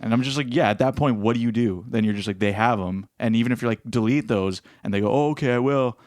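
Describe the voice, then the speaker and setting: A man co-hosting a podcast in casual chat, joking and teasing with quick laughs. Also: on the low side, fairly even intonation, darkish tone, no room sound, clean studio sound. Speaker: podcast co-host.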